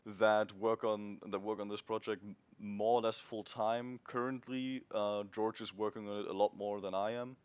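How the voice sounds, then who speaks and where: Young guy, low-ish voice, lots of um and restarts, dry muffled mic. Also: fairly even intonation, clean tone, no room sound. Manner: halting, many restarts and fillers. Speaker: indie game developer. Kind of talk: casual devlog chat.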